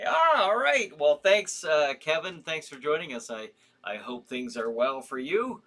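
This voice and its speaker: Tired male livestream host, rambling and halting, lively bright voice. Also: a little high. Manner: rambling, halting, with frequent restarts and yawns. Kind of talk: casual live-stream chat reading viewer comments.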